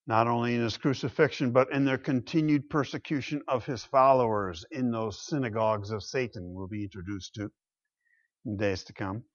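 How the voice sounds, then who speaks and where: A man preaching a sermon, emphatic, swinging between loud exclamations and quiet low asides. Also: moderate pace, muffled recording.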